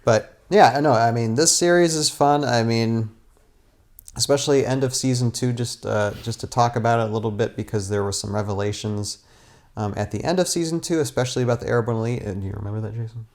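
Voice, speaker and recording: A man with a medium-pitched, slightly mellow voice talks quickly in a casual indoor chat from a futon. He is a guest and stop-motion animator, and his talk rambles with many restarts and brief rants.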